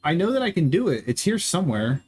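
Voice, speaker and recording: A man's voice: fairly high pitch, sing-song, fast. A man streaming a game, chatting casually and profanely with his viewers in a rambling, joking way. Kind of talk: casual chat with live chat while playing.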